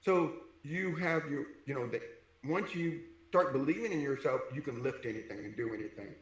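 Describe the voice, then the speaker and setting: A deaf man who wears hearing aids tells a story as an interview guest, in a fairly high voice at normal speed. He animatedly acts out the voices of the people in it, and the recording is rough and reverberant.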